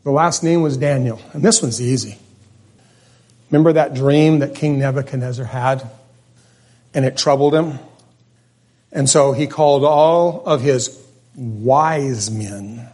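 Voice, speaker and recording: A middle-aged man preaching a sermon, telling stories in a loose, conversational way that is often animated and often corrects itself. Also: medium pitch, measured pace, long pauses.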